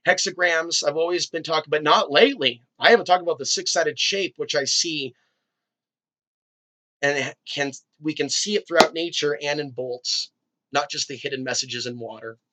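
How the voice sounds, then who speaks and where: A man with a fairly high, sharp-toned voice speaks at a normal speed while hosting his own video. He delivers a loose, free-flowing spiritual monologue that drifts from one tangent to the next.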